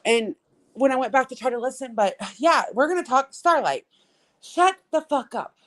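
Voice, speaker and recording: A woman's voice: sits high, animated, a little fast, a bit bright, low-quality recording. A streamer woman in a blunt, profane casual chat.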